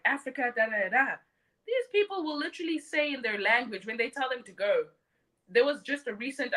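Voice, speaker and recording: Woman going off on her livestream, high bright voice all over the place, blunt and mocking. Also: rough recording. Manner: blunt and mocking, mimics others. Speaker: live stream host. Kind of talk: opinionated live stream monologue.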